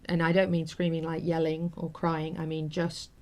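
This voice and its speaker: A woman's voice: low-pitched, completely flat delivery, normal speed, darkish tone. A woman hosting a talk show, telling a personal story in an earnest, heartfelt, rambling way with many fillers. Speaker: host.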